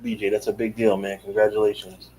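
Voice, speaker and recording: A man co-hosting a wrestling podcast, chatting in a relaxed way and answering with short affirmations. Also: on the low side, fairly quick, rough recording. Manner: laid-back, short affirmations. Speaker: podcast co-host. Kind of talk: casual live-stream chat.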